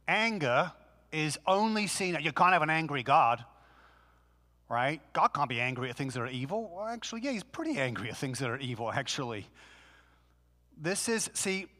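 A man preaching a sermon in a conversational, animated way, full of rhetorical questions. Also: on the high side, normal speed, long reverb tail. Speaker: pastor.

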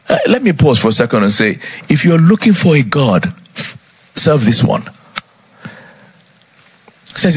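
A male preacher with a husky, slightly rough voice delivers a sermon. His pitch swings widely as he retells a scripture story with dramatic flair. He keeps turning to his listeners with rhetorical questions. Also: very animated, unhurried, long pauses.

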